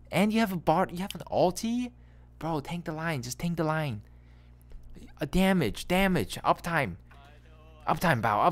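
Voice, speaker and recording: A man casually coaching a player through a gameplay review, animated and exasperated, repeating himself and laughing in disbelief. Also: mid-range voice.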